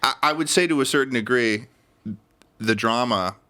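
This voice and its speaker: A man's voice: mid-range voice, moderate pace, bright, forceful tone. A young adult man as a podcast guest, chatting casually with rambling, joking restarts. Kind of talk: casual chat.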